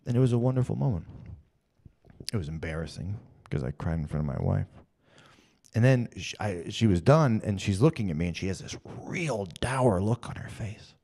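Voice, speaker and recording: A man's voice: lowish voice, expressive, normal speed, gravelly, dark tone. A man in his thirties telling a personal story in a rambling, emotional way, often repeating himself.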